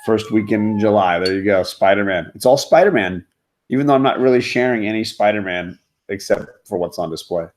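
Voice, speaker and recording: A man's voice: lowish voice, expressive, brisk. A man hosting a casual comics livestream from home, rambling with lots of fillers. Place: home, in front of a comic display.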